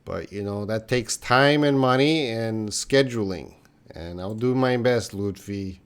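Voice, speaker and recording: A man's voice: fairly low pitch, unhurried, clear, resonant tone. A man teaching English on a live stream, answering viewers' questions with patient explanations and example sentences.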